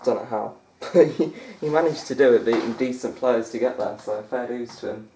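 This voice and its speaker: A man's voice: medium pitch, fairly even intonation, normal speed, warm tone, echoey room, a little hiss or hum. Chatty young man rambling over gameplay. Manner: rambling, chatty, laughs often. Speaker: gaming YouTuber. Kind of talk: let's-play commentary.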